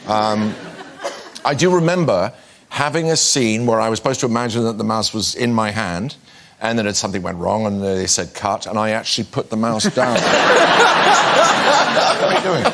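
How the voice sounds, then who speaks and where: A man's voice: lowish voice, moderate pace, long pauses, noisy background. A man, a talk show guest with a dry, self-mocking way of telling stories. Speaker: guest actor.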